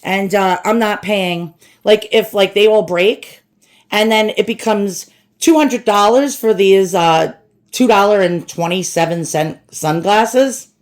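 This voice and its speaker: A woman's voice: medium pitch, slow. Blunt, profane woman ranting. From United States. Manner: blunt and profane, addresses viewers as "boys and girls". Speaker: shopping vlogger. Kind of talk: casual ranting chat to camera.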